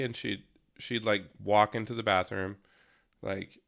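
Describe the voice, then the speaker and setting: A man's voice: on the low side, steady tone, normal speed, gravelly, fairly bright tone, no room sound. A man co-hosting a podcast in casual chat, with dry, matter-of-fact remarks. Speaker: podcast co-host.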